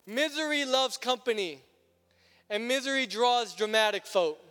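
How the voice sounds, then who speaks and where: A male preacher delivering an emphatic, repetitive sermon that builds to shouts. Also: very high voice, lively intonation, unhurried. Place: church sanctuary. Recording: long church reverb with music.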